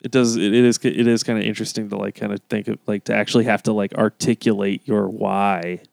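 Gravelly dude rambling on a podcast, swears a lot, dry close mic. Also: male voice, lowish voice, flat delivery, fast talker, a little mellow, dry recording. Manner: rambling, profane, lots of fillers. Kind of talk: casual chat.

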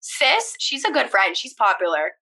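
20s woman from pennsylvania gabbing with her friend, bright kinda high voice, says like a lot. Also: sing-song, normal speed. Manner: chatty, filler-heavy with "like", casual swearing. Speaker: podcast co-host. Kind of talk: casual chat.

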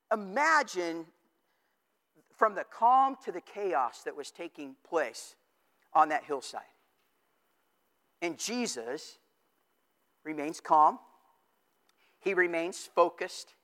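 A man's voice: extremely high pitch, fairly bright tone. A man preaching a sermon as pastor, often repeating words as he builds a point and asking the congregation questions. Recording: long hall reverb.

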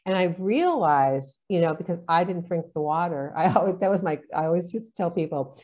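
A woman's voice: lowish voice, lively intonation, normal speed, warm tone. A woman in casual conversation, chatty, telling stories and acting out the dialogue in them. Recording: dull lo-fi sound.

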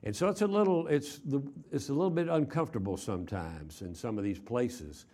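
A man's voice: medium pitch, brisk, warm tone. An older man from Texas preaching a chapel sermon, telling stories in a folksy way with frequent fillers and repeated words. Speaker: traveling preacher.

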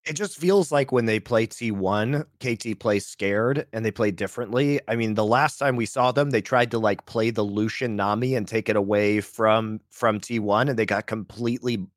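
A man co-hosting an esports show, breaking down matches in a halting way, full of restarts and easy laughs. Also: fairly low pitch, no room sound, studio quality. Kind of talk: casual analytical chat.

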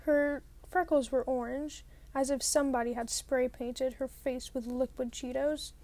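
A woman's voice: high-pitched, fairly even intonation, unhurried, warm tone. A woman reading a novel aloud in the first person, narrating plainly and now and then rereading a line. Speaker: audiobook reader.

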